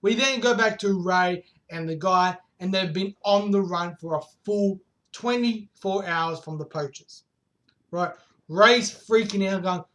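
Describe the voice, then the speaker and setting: Male vlogger, high-pitched, excitable, casual with rhetorical questions and light swearing. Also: measured pace. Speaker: manga chapter reviewer. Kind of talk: casual recap vlog.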